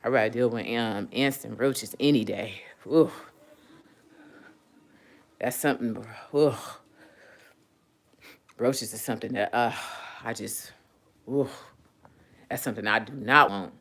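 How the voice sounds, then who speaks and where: This is an easygoing storyteller in a casual live audio chat. The voice sits at a middle pitch and wanders from one story to the next, full of fillers, restarts and asides to listeners. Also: measured pace, creaky, pauses often, a bit bright, no room sound. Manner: rambling, with many fillers and restarts. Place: lives in San Diego.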